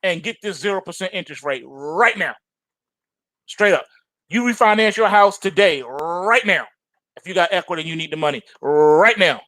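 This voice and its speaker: Man hosting a trading show, high voice, emphatic and repetitive, very dry close sound. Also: moderate pace, no room sound. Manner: animated and insistent, repeats phrases for emphasis; slangy, addresses viewers as folks. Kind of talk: emphatic market commentary.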